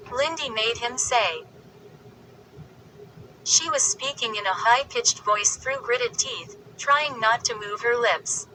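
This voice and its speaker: A woman narrating a spooky story in a slow, deliberate storytelling manner. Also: fairly high pitch, bright, forceful tone, slight background noise, rough recording. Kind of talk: audiobook narration.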